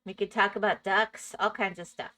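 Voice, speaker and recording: Woman, gaming live stream, casual chat, bright sharp tone. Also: mid-range voice, steady tone, normal speed. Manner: chatty, answers chat, laughs often. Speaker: Minecraft streamer.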